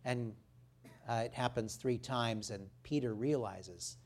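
A man preaching a sermon as a pastor, reading scripture and praying, with many "uh" fillers and swells in loudness for emphasis. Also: mid-range voice, slow pace. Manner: frequent "uh" fillers, rising loud for emphasis.

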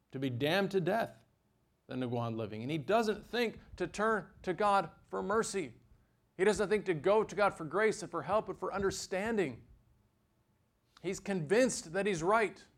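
Animated male preacher giving a sermon. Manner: animated, sudden rises in pitch and loudness, dry asides.

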